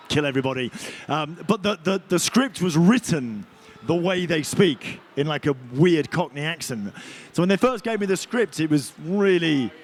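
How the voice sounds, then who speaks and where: A male actor talking on a convention panel, an animated, chatty storyteller. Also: on the high side, slight background noise. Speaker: voice and motion capture actor.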